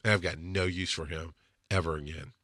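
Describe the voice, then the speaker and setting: A man's voice: deep voice, fairly even intonation, brisk, bright, forceful tone, no echo, clean studio sound. A man telling casual stories from his time as an emergency medic, blunt and emotional, swearing when he gets angry. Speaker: EMS instructor telling field stories. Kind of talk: casual storytelling.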